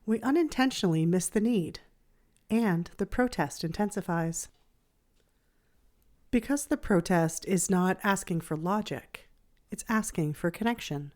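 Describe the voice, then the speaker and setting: Gentle, measured woman therapist host. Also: lowish voice. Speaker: child therapist and podcast host. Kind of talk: scripted reflective podcast narration.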